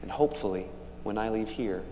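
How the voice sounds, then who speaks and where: A minister telling a story to the children during a church service in a gentle, warm manner. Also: male voice, fairly low pitch, brisk. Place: large church sanctuary. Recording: echoey church hall, faint hum.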